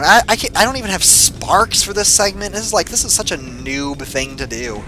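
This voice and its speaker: A young man giving casual gameplay commentary, excitable and quick to swear and yell when he gets frustrated. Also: on the high side, a little hiss or hum.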